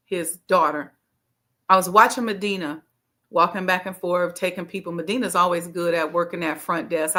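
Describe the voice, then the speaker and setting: Bright-voiced woman preaching with emphasis. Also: fairly low pitch. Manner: emphatic, repeats key phrases, folksy call-and-response. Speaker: speaker leading a Ramadan gathering. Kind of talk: motivational sermon.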